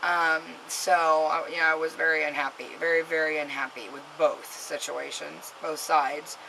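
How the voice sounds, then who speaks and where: Gravelly, bright-voiced woman rambling. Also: deep voice, level tone, moderate pace, slight background noise, low-quality recording. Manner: rambling, heavy with fillers and restarts; earnest, scolding warning. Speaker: vlogger, mother. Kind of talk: casual storytelling to camera.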